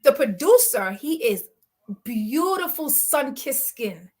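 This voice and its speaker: A woman guest telling a story in an animated, blunt way. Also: high voice, takes it slowly, breathy edge. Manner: blunt and emphatic, acts out quoted exchanges.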